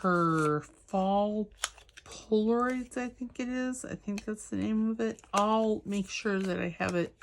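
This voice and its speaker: A woman's voice: medium pitch, slow pace, a little hiss or hum. Chatty Southern woman crafting at home. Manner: chatty, talks to her dog and viewers while working. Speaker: crafting channel host. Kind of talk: casual crafting vlog chat.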